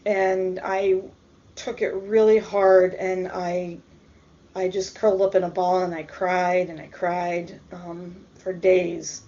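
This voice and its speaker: A woman telling a personal story in a casual, hesitant way, with many pauses and ums. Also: lowish voice, level tone, mellow. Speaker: storyteller vlogger. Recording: dull lo-fi recording.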